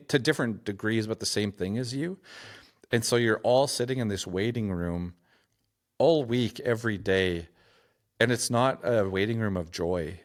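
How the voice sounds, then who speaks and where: A man with a notably deep, low voice, speaking as a podcast guest. He tells a personal story in a halting, reflective way, restarting phrases and leaning on "like" as he goes. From Saskatchewan, Canada.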